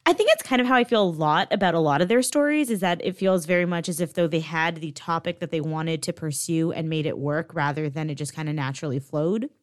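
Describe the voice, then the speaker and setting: A young woman co-hosting a podcast in casual chat, animated and blunt, laughing easily. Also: on the low side, smooth, no echo, clean studio sound. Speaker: podcast co-host.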